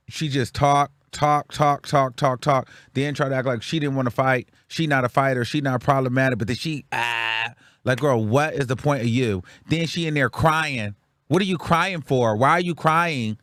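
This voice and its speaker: In clean studio sound with no room echo, a young Bay Area, California man hosts his show and riffs on reality TV in casual talk. His commentary is blunt and sassy, with repetitive rants. His voice is mid-range and fairly bright.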